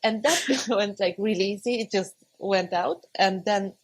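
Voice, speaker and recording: A woman in her thirties, medium in pitch and measured in pace, shares a personal story as a podcast guest. Her manner is conversational, with frequent laughs and animated reenactments of her own words, though the recording is rough.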